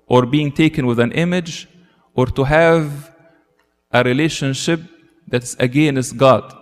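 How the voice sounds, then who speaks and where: Earnest preacher man, reverberant church. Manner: earnest, rises in pitch for emphasis, asks rhetorical questions. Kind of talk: sermon.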